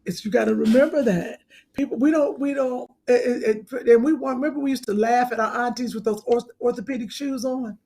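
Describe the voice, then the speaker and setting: A woman co-hosting a casual podcast, talking loudly with laughter and halting restarts. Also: on the high side, husky. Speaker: co-host.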